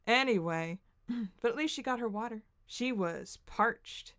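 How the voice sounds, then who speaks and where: Chatty woman reacting, slow and rambling. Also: a little high, expressive, fairly bright tone. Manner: chatty, giggly, rambling asides. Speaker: reaction video host. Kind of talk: casual reaction commentary.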